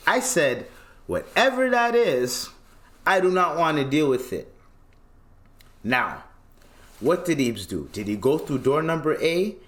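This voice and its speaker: A man hosts a podcast alone, telling a story in loose, slang-heavy talk. He acts out the other people's lines as he goes. His voice sits at an ordinary middle pitch. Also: fairly bright tone. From Tanzania. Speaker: podcast host. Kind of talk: casual storytelling monologue.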